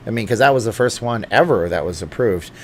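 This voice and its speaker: A middle-aged channel host with a slightly low voice talks fast from home during a casual late-night livestream, reading viewer comments aloud. He's chatty and joking, thinking out loud with fillers and asides. There's a slight hiss or hum.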